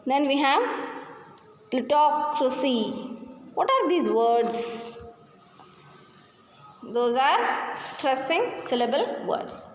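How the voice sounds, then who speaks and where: A woman teacher explains a lesson, her voice sitting high. She speaks unhurriedly and repeats each word slowly to drill its stress. The sound is roomy, with a long echo and a faint hum behind it. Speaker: English teacher. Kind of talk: classroom lesson explaining pronunciation and vocabulary. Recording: echoey room with long reverb, faint hum.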